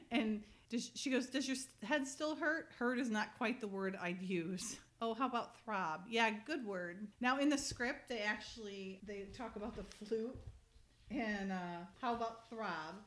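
A woman's voice: medium pitch, unhurried, a bit bright. Giggly woman recapping a TV episode. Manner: chatty, giggly, reads script lines aloud. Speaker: podcast host. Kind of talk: casual chat recapping a TV episode.

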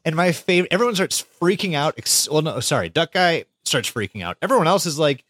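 Animated man recapping with squeaky impressions. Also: brisk, no echo, studio quality. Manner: animated retelling, acts out character lines in squeaky voices, swears a lot. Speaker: podcast co-host. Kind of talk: casual podcast recap.

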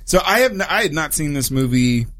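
A man's voice: a little high, sing-song, brisk, fairly bright tone. A man co-hosting a radio talk show, reviewing a film in a loose, rambling way. He leans on fillers and breaks into small laughs. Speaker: podcast co-host. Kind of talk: casual chat and film review.

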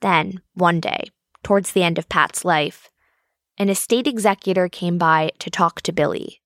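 Low-voiced woman narrating, dry. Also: normal speed, a bit bright, dry recording. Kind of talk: scripted documentary narration.

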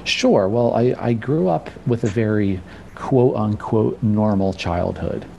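A man from New Jersey guesting on a podcast, with a deep, gravelly, mellow voice. He talks in a friendly, unscripted way and often stumbles over the first words of a sentence. There is a faint hum of noise behind him. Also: expressive, slow pace. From New Jersey, USA. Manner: friendly, repeats words when starting sentences. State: slightly out of breath. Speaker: guest, personal trainer and nutrition specialist. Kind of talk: casual interview chat.

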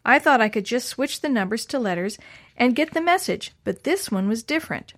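A woman's voice: fairly high pitch, lively intonation, fairly quick. A woman voicing an earnest, thoughtful boy who speaks carefully.

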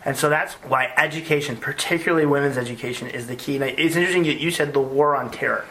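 A former US army officer tells stories in an interview, earnest and animated, often repeating words as he goes. He speaks quickly at a medium pitch, and the rough recording has a little hiss or hum.

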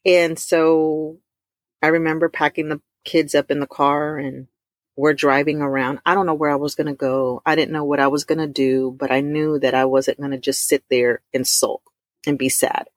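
A middle-aged woman, telling a heartfelt personal testimony to her listeners, warm and emotional, calling them y'all. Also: sits low, little pitch movement, no room sound, studio quality. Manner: emotional, addresses listeners as y'all, drawn-out emphasis. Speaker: host of a faith talk stream.

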